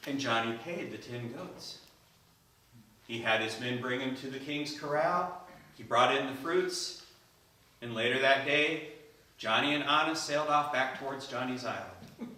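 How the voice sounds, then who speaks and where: Man, storytelling speech, animated, bright voice, very echoey room, distant mic. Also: mid-range voice, unhurried, pauses often, slight background noise. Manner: animated storytelling, acting out characters. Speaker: Toastmasters speaker. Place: club meeting room.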